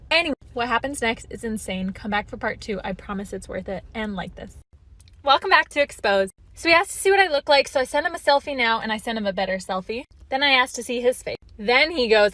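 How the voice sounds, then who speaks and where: A young woman with a slightly high voice tells a story straight to camera. She narrates in a chatty, animated way and reads out text messages as she goes. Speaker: social media creator exposing cheaters.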